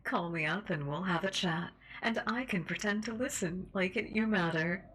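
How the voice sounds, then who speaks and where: A woman voicing a cruel, manipulative female radio call-in host in a slow, domineering whispered role-play. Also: fairly low pitch, a bit bright, slight background noise, close to an everyday voice, rough recording. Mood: sly.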